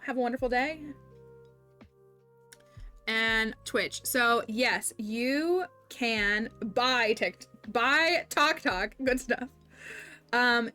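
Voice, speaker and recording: A woman with a slightly high voice chats her way through a gameplay livestream. She talks casually to her viewers, often breaking off to restart a thought or lay out how the game works, while soft game music plays underneath. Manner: chatty, self-interrupting, explains game mechanics. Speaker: streamer.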